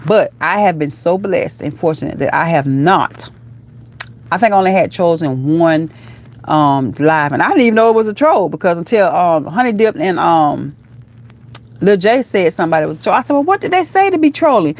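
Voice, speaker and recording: Woman, livestream host, casual chat, lowish voice, animated, calls viewers honey. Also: moderate pace. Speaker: vlogger hosting a livestream.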